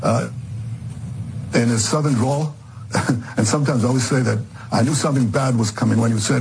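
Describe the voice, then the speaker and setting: A man, a political leader, answering interview questions earnestly, with halting restarts. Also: mid-range voice, gravelly, a little mellow, slight background noise, low-quality recording.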